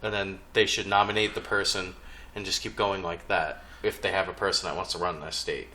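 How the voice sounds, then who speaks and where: Low, bright-toned joking American man. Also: level tone, brisk. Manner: joking, tells anecdotes from work. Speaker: podcast guest. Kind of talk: casual podcast chat.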